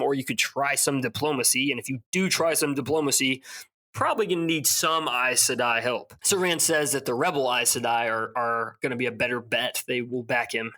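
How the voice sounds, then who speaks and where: A young man co-hosting a podcast, casually recapping a fantasy novel with frequent laughs and quick asides. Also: medium pitch, sharp tone. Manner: recaps plot with laughs and mock character voices. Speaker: podcast co-host. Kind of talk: casual podcast book discussion.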